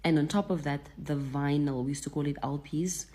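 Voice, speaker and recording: A woman from Africa sharing a personal memory in a casual, confiding way, sometimes dropping to a hushed half-whisper. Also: sits low, steady tone, fairly quick.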